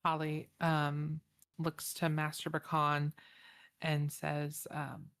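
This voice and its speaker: A woman's voice: sits low, monotone, slow, fairly bright tone, smooth. A woman describing her character in a tabletop game, hesitant and searching for words. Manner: hesitant, many fillers and restarts. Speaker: player.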